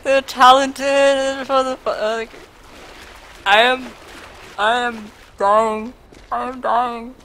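A woman's voice: high-pitched, measured pace, a bit bright, slight background noise, rough recording. A young Australian woman live-streaming, laughing a lot, overwhelmed and swearing freely while she chats. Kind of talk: casual live-stream chat.

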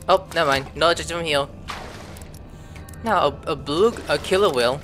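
A man's voice: on the high side, unhurried, pushed and bright, faint music behind. A man giving casual let's-play commentary, thinking aloud and breaking into sudden surprised outbursts. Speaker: gameplay commentator.

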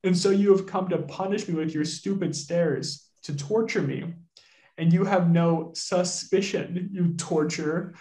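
A man putting on an enraged, bitter man who yells at his servant, his voice climbing high and straining louder. The reading carries a roomy echo, as though taken in a bare room. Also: steady tone, unhurried. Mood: furious. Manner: shouty, shaking with rage. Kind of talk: dramatic reading.

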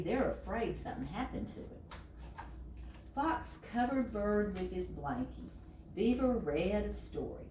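Woman librarian at storytime; animated, questioning the kids; roomy sound, mic at a distance. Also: medium pitch, a little hiss or hum. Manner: slow, animated, asks the children questions. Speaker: children's librarian. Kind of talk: reading a picture book to children. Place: library room.

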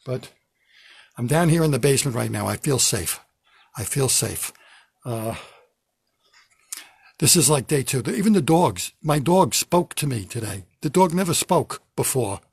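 A man's voice: mid-range voice, lively intonation, normal speed, vocal fry, pauses often, a little mellow, breathy edge, no echo, clean studio sound. An older man, a comedian, delivering a kvetching, self-mocking comedy rant from his basement at home. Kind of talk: stand-up comedy monologue.

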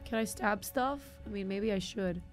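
A woman's voice: medium pitch, normal speed, music in the background. A woman streaming a game live, chatting casually to herself and her viewers, joking and teasing as she plays. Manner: chatty, talks to herself and chat, jokes with viewers. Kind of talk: casual gaming commentary. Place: home streaming setup.

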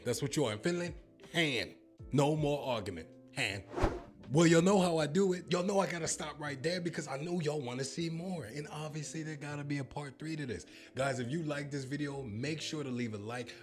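A man's voice: fairly high pitch, fairly quick, hardly any pauses, faint music behind. Brash, profane man riffing to his viewers. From United States. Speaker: reaction video host. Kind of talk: comedic reaction vlog.

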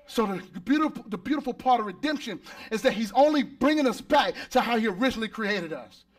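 High-voiced preaching pastor. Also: male voice, brisk. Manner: lively preaching that builds to shouts; calls out to the congregation for response. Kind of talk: sermon. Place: church service.

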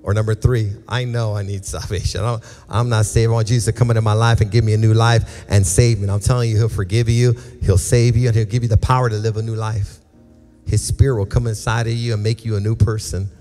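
A man's voice: on the low side, flat delivery, quick pace, mellow. A male pastor preaching a passionate sermon and altar call, pleading with his listeners and acting out their voices. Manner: passionate, repetitive exhortation with acted quotes. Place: large church sanctuary. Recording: reverberant church hall with music.

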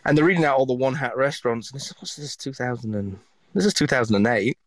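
A middle-aged man from England with a Yorkshire accent, a chef chatting as an interview guest, telling animated stories and swearing freely. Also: mid-range voice, quick pace, dry recording. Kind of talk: casual interview chat.

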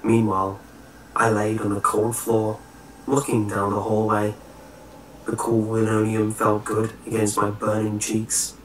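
A man narrating a scripted horror story in a slow, measured way. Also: fairly low pitch, completely flat delivery. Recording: roomy echo, faint hiss.

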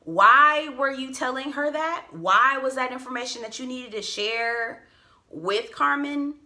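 Bright, chatty woman reviewing TV. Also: high-pitched, unhurried. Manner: animated, laughing asides, slangy and playful. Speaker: TV review vlogger. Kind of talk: casual chatty TV recap. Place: at home.

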